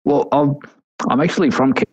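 A man's voice: mid-range voice, brisk, slightly rough. A man from Australia with a New Zealand accent, calling in to a podcast with dry, understated humour. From Canberra, Australia. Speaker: caller. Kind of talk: phoned-in podcast chat. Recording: muffled dry phone line.

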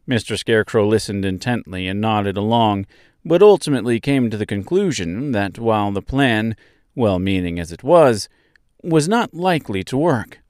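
An audiobook narrator with a lowish voice reads a chapter of a novel, measured and expressive, in a storybook style. The recording is dry and clean, with studio sound.

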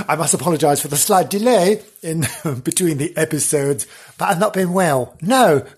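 Man, husky voice, podcast host, camp and theatrical, giggly, lively swooping pitch. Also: a little slow. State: recovering from lost voice. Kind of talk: camp chatty podcast hosting.

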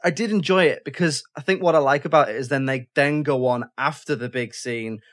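A man's voice: medium pitch, brisk, a bit bright. A man leads a casual film chat in an ordinary mid-range voice. He talks in a loose, rambling way, stopping and restarting his sentences as he gathers his thoughts. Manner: chatty, self-interrupting, with frequent restarts. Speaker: podcast host.

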